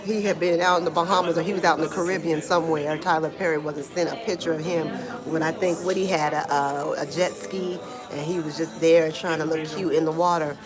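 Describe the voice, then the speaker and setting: A woman giving casual live-stream commentary from home in Brazil, talking in a slangy, animated way and answering chat comments, with a small clip-on mic. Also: deep voice, a little fast. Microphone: small clip-on microphone being tested. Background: Brazilian music playing.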